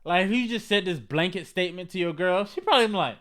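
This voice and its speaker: A man reacts to viewer comments in loose, slangy commentary, swinging from low, easy asides to bursts of mock outrage. His voice sits fairly high for a man and is bright and forceful. His delivery is lively and comedic. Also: fast talker, few pauses. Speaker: vlog host reading comments.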